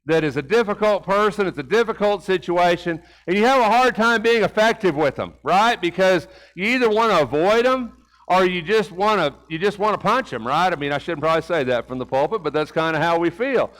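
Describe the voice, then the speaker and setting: A high-pitched, animated, fairly quick middle-aged man with a fairly bright tone delivers a conversational sermon in a church sanctuary. He's folksy, asks rhetorical questions, tells a personal story and repeats words, on a low-quality recording.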